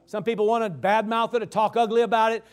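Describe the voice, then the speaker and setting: A man's voice: sits high, steady tone, quick pace. A man preaching a sermon, emphatic, asking rhetorical questions and calling out amen. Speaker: pastor.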